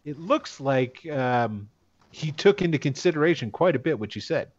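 A man narrating as game master in an online tabletop game, halting and full of fillers and chuckles. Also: on the high side, animated, dull audio, slight background noise.

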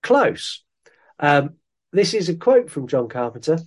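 A man's voice: a little high, sing-song, unhurried, lo-fi sound. A man co-hosting a podcast in casual chat, bringing up news items with enthusiasm. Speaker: podcast co-host.

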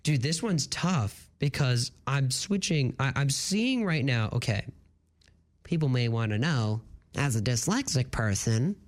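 A morning radio show host chatting alone into a close studio mic, with a bouncy voice that leaps up and down in pitch. The delivery is relaxed and unhurried, broken by laughter at their own tongue-twister fumbles. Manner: animated, laughing at own slip-ups; dyslexic, stumbling through tongue twisters. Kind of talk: playful solo on-air banter. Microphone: studio broadcast mic, close.

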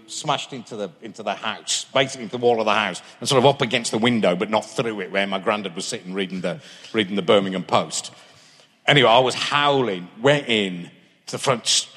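Husky man in his fifties telling rambling stories. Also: mid-range voice, a bit bright. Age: 50s. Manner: rambling storyteller, restarts and self-interrupts. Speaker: guest. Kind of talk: live stage interview, anecdotes. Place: large concert hall with live audience. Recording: reverberant live hall.

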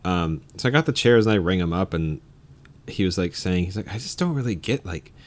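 A man in casual chat, telling stories in an animated, profane way. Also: sits low, fairly quick.

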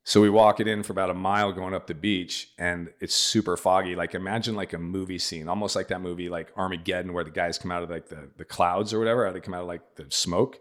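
A middle-aged man with a very low, deep voice, telling a story in a loose, chatty way. He acts out the lines other people said as he goes. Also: steady tone, quick pace, hardly any pauses. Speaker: podcast guest. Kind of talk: casual storytelling.

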